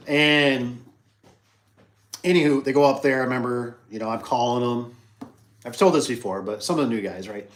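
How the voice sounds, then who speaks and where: A middle-aged man who runs a business, chatting casually on a livestream, rambling through stories, repeating phrases and acting out the people he quotes. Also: medium pitch. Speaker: business owner hosting a livestream.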